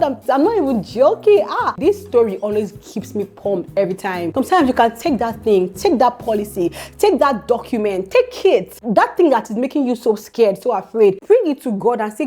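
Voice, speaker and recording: A woman casually retelling a Bible story as encouragement, animated and full of exclamations. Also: a little high, moderate pace, hardly any pauses, soft background music. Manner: animated, exclaiming, preacherly asides. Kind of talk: casual devotional teaching.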